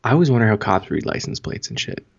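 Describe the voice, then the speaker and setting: A man's voice: fairly low pitch, expressive, quick pace, gravelly, husky. A man, a podcast co-host, chatting bluntly and casually with plenty of swearing. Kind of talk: casual chat. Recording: dull, muffled lo-fi mic.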